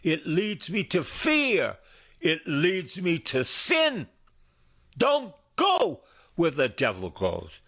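A man's voice: wildly swooping pitch, a bit bright. A middle-aged man preaching a sermon as a priest, with emphatic repetition and wide swings of his voice. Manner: slow, sweeping pitch swings with emphatic repetition.

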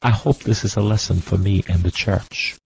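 Male preacher, low gravelly voice, slow and insistent sermon delivery, faint noise behind. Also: steady tone, a little mellow, rough recording. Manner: impassioned, repetitive, drawn-out preaching cadence.

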